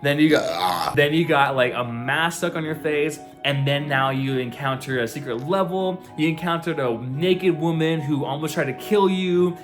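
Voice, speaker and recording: A man's voice: fairly high pitch, moderate pace, hardly any pauses, soft background music, lightly acted. A man doing a blunt, puzzled young woman.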